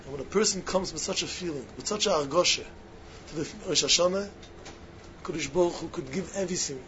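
A man with a fairly high voice gives a fairly quick, sermon-style talk to yeshiva students, emphatic and repetitive, swinging between loud stresses and hushed asides. The lo-fi recording is muffled, with faint hiss.

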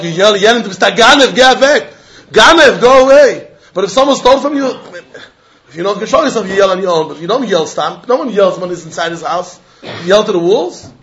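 A man teaching a Talmud class, arguing through the text in an animated way and throwing pointed questions at his students. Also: high-pitched. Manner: animated, argumentative, mixing Yiddish and Hebrew terms into English.

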